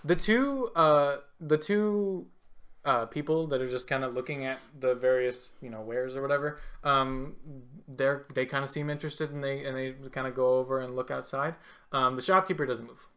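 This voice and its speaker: Narrating a tabletop game, a game master speaks haltingly, full of fillers and restarts. The voice is mid-range, steady and fairly bright.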